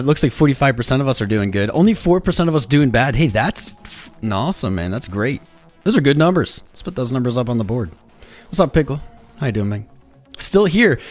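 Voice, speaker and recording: With music in the background, an American man runs a casual crypto livestream, chatting loosely and saying hello to viewers by name. His medium-pitched voice is slightly hoarse, as he's been losing it.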